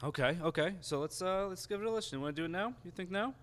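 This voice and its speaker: A man's voice: sits high, a bit bright. A male podcast host, enthusiastic and casually swearing in an interview. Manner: enthusiastic, swears casually, quick filler-heavy talk.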